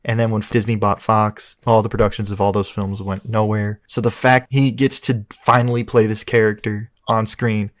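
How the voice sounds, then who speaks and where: A man co-hosting a casual film review chat, excitable and quick to swear and laugh. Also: fairly low pitch, no room sound. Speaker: podcast co-host.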